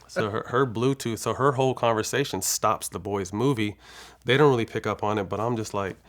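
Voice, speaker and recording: A man's voice: on the low side, fairly quick. A man being interviewed, telling a personal story in a casual, profane, laid-back way with lots of fillers. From California. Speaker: interview guest, former basketball player.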